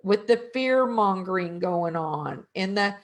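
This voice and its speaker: An expressive mid-range voice belongs to a middle-aged woman who works with energy. She talks about spiritual matters in a slow, reflective, conversational way, asking rhetorical questions of her listeners.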